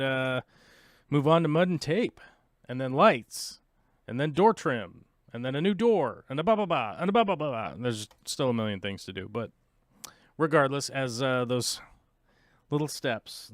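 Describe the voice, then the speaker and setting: A rambling man chatting casually as a show host, his voice smooth and resonant. The sound is dry and close, with no room around it. He drifts between topics and pokes fun at himself. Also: medium pitch, dry recording. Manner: rambling, chatty, self-mocking. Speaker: podcast host. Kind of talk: casual livestream chat.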